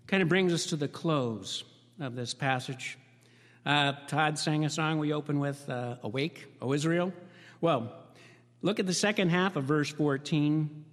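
A man's voice: on the high side, in a large hall. A man pastor giving a sermon in a conversational, storytelling way, building up to emphatic repeated phrases. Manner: conversational, anecdotal preaching with rising emphatic repetition.

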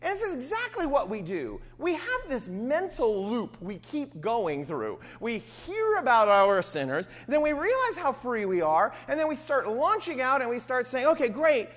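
A woman preaching a sermon, reading scripture aloud and acting out voices in an animated way. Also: on the high side, a little slow, few pauses, long reverb tail.

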